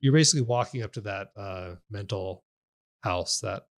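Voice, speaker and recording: Male podcast co-host, casual game talk, rambling and animated. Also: fairly low pitch, normal speed. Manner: rambling, animated retelling with laughs. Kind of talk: casual game review chat.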